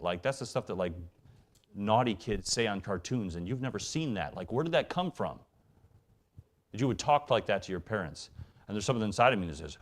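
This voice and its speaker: A man with a low-pitched voice preaches a sermon in a church sanctuary. He talks earnestly and sometimes sinks to a soft, hushed near-whisper. Then he surges into quick, rising bursts of feeling. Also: expressive. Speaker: evangelist preacher.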